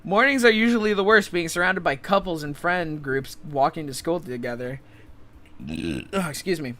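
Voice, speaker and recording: A man's voice: fairly high pitch, normal speed, sharp tone. A man reading the lines of a shy, lazy teenage schoolboy narrator while playing through a visual novel. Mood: unbothered.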